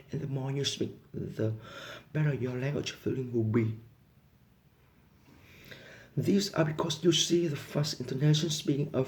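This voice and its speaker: Earnest male English teacher, Vietnamese first language, average pitch, reads both parts of practice dialogues. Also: darkish tone, a little hiss or hum. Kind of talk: motivational lesson and dialogue reading.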